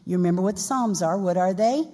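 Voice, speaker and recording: A woman's voice: medium pitch, quick pace, mellow. A woman pastor preaching a sermon in a folksy, conversational way with playful asides. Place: church sanctuary. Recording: long reverb in a church hall.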